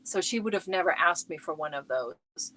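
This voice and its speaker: A woman's voice: lowish voice, animated, moderate pace, pushed and bright. A middle-aged woman chatting casually on her crochet livestream from home, rambling and talking to viewers by name.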